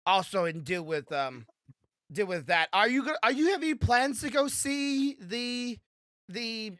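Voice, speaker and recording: A man's voice: very high voice, lively intonation, a little slow, fairly bright tone, dry recording, clean studio sound. A young man hosting a casual podcast, rambling with lots of fillers and restarts. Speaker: podcast host.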